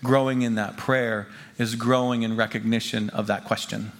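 A man preaching a sermon to his congregation as pastor. He talks emphatically, repeats key phrases and swings from hushed lines to loud ones. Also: medium pitch, little pitch movement, normal speed. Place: church gathering before a congregation.

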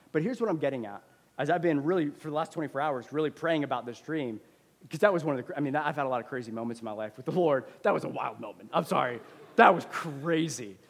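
A middle-aged man preaches in a casual, conversational way, his voice carrying a long reverb from a church hall. His pitch sits in the middle of the male range, and his storytelling grows lively. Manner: conversational, animated when retelling a story. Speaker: pastor. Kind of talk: sermon with personal storytelling.

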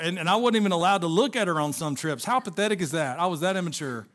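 Male pastor, high-pitched, earnest preaching with personal stories. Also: a little fast, fairly bright tone. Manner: earnest, storytelling preacher addressing congregation. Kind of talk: sermon.

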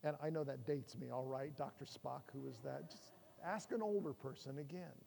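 A man's voice: medium pitch, moderate pace, creaky, mellow, slight background noise. A middle-aged man preaching a sermon, conversational and humorous, with rhetorical questions to the congregation. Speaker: pastor. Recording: long hall reverb.

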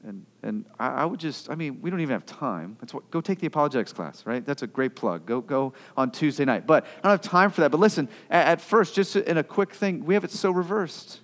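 A man preaching a sermon as pastor, impassioned, swinging between loud outbursts and quiet asides. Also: fairly high pitch, lively intonation, brisk, hardly any pauses, in a large hall.

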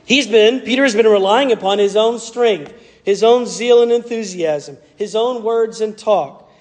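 A man's voice: sits high, a little slow, darkish tone, in a large hall. A man with a Southern US accent, preaching a sermon as a pastor in an earnest, conversational way.

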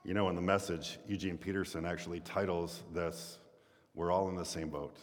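Pastor, male, low-pitched voice, sermon delivery that swings from animated storytelling to hushed emphasis, reverberant hall. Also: moderate pace. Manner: storytelling, rising into animated quoted voices then dropping low and quiet.

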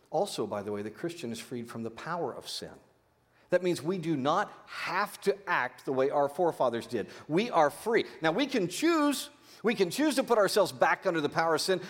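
A man preaching a sermon in an animated, folksy way, with sudden loud bursts, repeating words as he thinks. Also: medium pitch. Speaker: pastor. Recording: long hall reverb.

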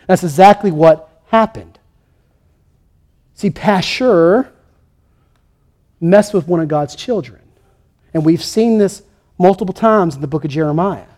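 A man's voice: high voice, moderate pace, a little mellow. A man preaching a sermon, emphatic, acting out the voices he quotes. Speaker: pastor.

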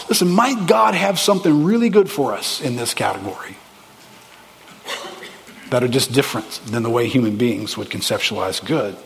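A man preaching a sermon as a pastor, with animated, emphatic delivery and quick asides to the congregation. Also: medium pitch, creaky, in a large hall.

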